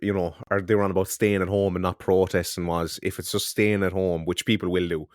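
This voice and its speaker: Calm male co-host, Cork accent, very deep voice, dry close recording. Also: no room sound. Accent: Irish, Cork. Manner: calm, measured, steers topics. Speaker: podcast co-host. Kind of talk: casual chat.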